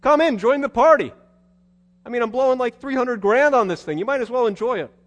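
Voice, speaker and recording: A man's voice: very high voice, brisk, pitched above the performer's own voice. A man voicing a generous older father who coaxes and pleads. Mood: coaxing. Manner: coaxing, pleading. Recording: long hall reverb.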